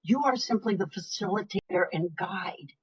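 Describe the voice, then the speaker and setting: A woman's voice: mid-range voice, normal speed, slightly rough. An older woman giving a webinar talk as a motivational speaker, emphatic and chatty. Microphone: video call. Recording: lo-fi video call audio.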